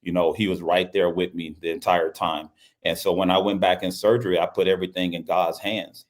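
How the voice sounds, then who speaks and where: Deep-voiced guy from louisiana, coach telling his story, earnest, repeats himself a lot. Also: little pitch movement, brisk. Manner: earnest, repeats phrases, acts out quoted speech. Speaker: basketball coach and guest. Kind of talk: personal storytelling in an interview.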